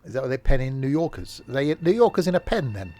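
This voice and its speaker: A man's voice: medium pitch, big pitch swings, fast talker, mellow. A man streaming a train simulator, talking in casual, rambling commentary full of fillers and self-mocking asides, from a home setup.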